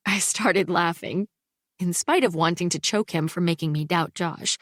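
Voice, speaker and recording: A woman narrating a first-person audiobook in an unhurried, expressive reading. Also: lowish voice, no echo, studio quality. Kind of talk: scripted narration.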